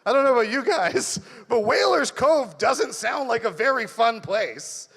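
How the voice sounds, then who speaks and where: High-voiced rambling stand-up comic. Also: male voice, measured pace, gravelly, slightly rough, in a large hall. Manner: rambling, animated storytelling. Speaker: stand-up comedian. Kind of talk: stand-up comedy monologue.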